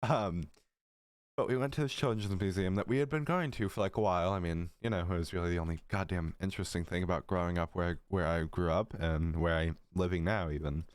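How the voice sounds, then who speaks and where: A man's voice: sits low, steady tone, brisk, smooth, dry recording. A teenage boy telling rambling stories in a casual storytime vlog, giggly and full of profane asides, his throat a little dry. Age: teens. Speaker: storytelling creator.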